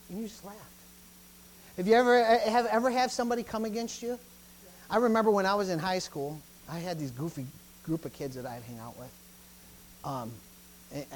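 Emphatic preacher swinging loud and hushed. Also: medium pitch, a little hiss or hum. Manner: emphatic, swings between loud and hushed, repeats praise phrases. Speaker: pastor. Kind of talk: sermon.

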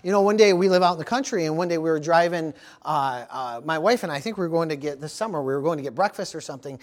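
Man, pastor, high voice, animated sermon, amens and praise interjections. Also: quick pace.

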